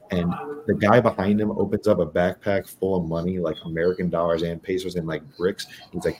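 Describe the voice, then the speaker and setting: A man's voice: deep voice, a little fast, a crowd in the background. A man from New England, a podcast guest, telling a casual story with lots of swearing and acted-out quotes. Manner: animated, profane, acts out quotes.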